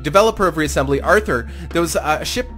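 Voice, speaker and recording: A man's voice: on the high side, quick pace, soft background music. A man hosting a fan game tournament, chatting casually and commentating on the matches. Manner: animated, chatty, self-deprecating with laughs. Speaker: gaming YouTuber hosting a tournament.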